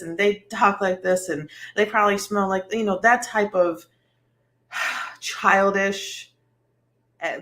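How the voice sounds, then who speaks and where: Woman host, casual chatty vlog delivery, weary and rambling, slightly low pitch. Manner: rambling, full of "like" and "um", sighing. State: tired. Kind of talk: casual chat about a livestreamed trial.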